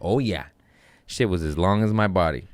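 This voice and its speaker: Speaking at normal speed in a low voice, a man hosting a comedy podcast tells rambling, profane stories. His jokey delivery is punctuated by sudden silly voices.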